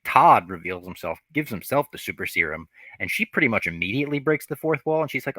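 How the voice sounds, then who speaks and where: A man's voice: medium pitch, animated, moderate pace, sharp tone, no echo. A man co-hosting a podcast, animatedly retelling a TV episode with casual profanity. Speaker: podcast co-host.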